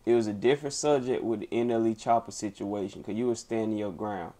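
A man's voice: lowish voice, fairly even intonation, quick pace, mellow. A man streaming live, giving blunt, emphatic commentary on a feud, repeating his points and swearing freely.

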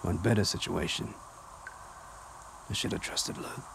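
Loyal officer played by a man, deep and low, quiet reassurance. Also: normal speed, gravelly, noisy background. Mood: reassuring.

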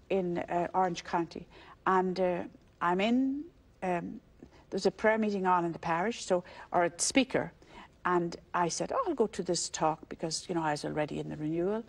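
An older woman from Ireland with an Irish accent, a religious sister telling the story of her calling in a conversational interview, acting out the voices in it and laughing easily. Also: fairly low pitch.

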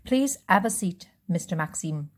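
A woman's voice: on the low side, expressive, moderate pace. A woman reading aloud voices a smug, menacing male police commissioner with a put-on French accent. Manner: smug, threatening, clipped.

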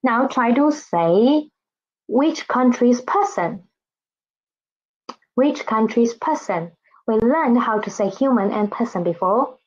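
Woman, teacher, patient, repeats each word, very slow delivery, dull lo-fi recording. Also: fairly high pitch, animated, a little mellow. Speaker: Chinese language teacher. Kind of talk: slow spoken language lesson with drills.

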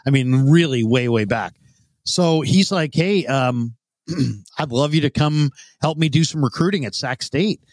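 Man, fifties, rambling anecdotes, quotes people in different voices, dry sound, mid pitch. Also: a little slow, dry recording. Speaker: interview guest, former radio host. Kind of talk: storytelling in a casual interview.

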